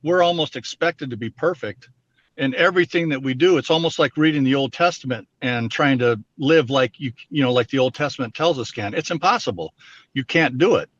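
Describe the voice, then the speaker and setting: A man's voice: medium pitch, fairly quick, a bit bright, dry recording. A man being interviewed, talking earnestly and explaining his points through everyday examples. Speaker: interview guest. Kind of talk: candid personal interview talk. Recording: dull dry lo-fi sound.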